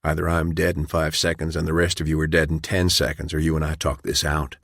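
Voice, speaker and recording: A man's voice: very deep voice, little pitch movement, a little fast, a bit bright, no echo, clean studio sound, full character voice. A man voicing a tough male community leader who talks in a firm, controlled way. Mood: quiet threat.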